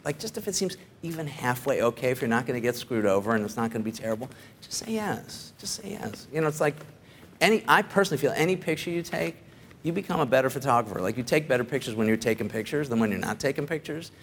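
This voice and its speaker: A man's voice: mid-range voice, lively intonation, fast, a bit bright, slight background noise. A middle-aged man, a photographer, giving a casual talk to a studio audience in a rambling, conversational way, often checking in with "right?".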